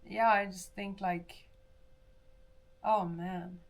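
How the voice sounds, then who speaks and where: A woman's voice: medium pitch, steady tone, extremely slow. A woman livestreamer chatting casually with viewers, rambling and answering chat while she does her hair. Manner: rambling, with restarts.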